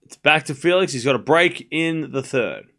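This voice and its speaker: A man's voice: a little high, animated, moderate pace, sharp tone. A young man hosting a live tennis watchalong, calling scores and answering chat with joking mock anger. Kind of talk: casual live watchalong commentary, reading chat.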